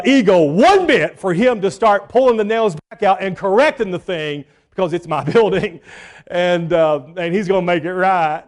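A man's voice: on the high side, darkish tone. A man preaching a sermon, telling a story with emphatic, repeated lines. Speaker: pastor.

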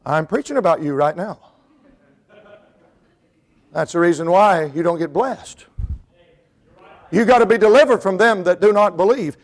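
A middle-aged preacher man from the North Carolina mountains delivers a sermon. His voice sits high for a man. He tells stories in a low, easy register, then climbs into full hollering. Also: normal speed, long pauses. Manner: storytelling, swings from quiet to hollering. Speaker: pastor and missionary.

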